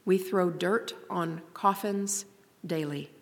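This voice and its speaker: A woman reading the lines of a weary grown man who gives grim news in a hushed, flat way, in a long reverberant hall. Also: lowish voice, takes it slowly.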